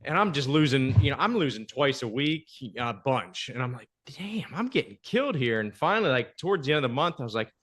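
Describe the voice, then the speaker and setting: Bright-voiced male podcast host. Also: mid-range voice, quick pace, hardly any pauses. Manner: animated anecdote telling, soft-spoken when asking questions. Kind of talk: casual storytelling and interviewing.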